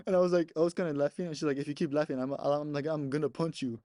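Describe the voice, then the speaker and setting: On a podcast, a young male co-host tells a meandering story in a relaxed way, often laughing and cursing between frequent "like"s. His warm voice sits on the high side with a steady tone, a slightly fast delivery, and long pauses. It's a studio-quality recording without echo.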